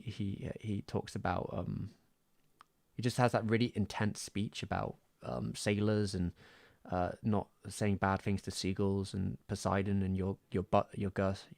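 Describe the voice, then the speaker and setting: On a close mic, a young West Country streamer from Southwest England chats casually on a livestream, rambling and putting himself down. His voice is lowish, creaky and a little mellow, recorded dry.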